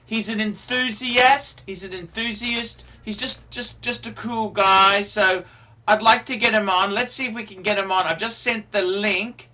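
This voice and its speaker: A man hosting a livestream in a casual, rambling, excitable way, repeating himself and swearing now and then. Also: high-pitched, unhurried, muffled recording. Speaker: livestream host.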